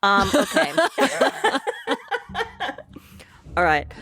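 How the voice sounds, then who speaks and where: A woman's voice: on the low side, expressive, measured pace, fairly bright tone. A woman filling in as guest co-host on a podcast, speaking playfully and laughing often. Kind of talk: casual podcast chat.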